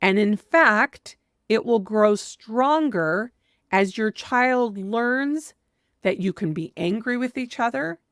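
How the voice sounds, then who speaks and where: A woman's voice: a little high, animated, takes it slowly, a bit bright, no echo, clean studio sound. A woman parenting coach giving earnest, direct advice, sometimes acting out what a parent might say with emphasis. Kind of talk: advice monologue.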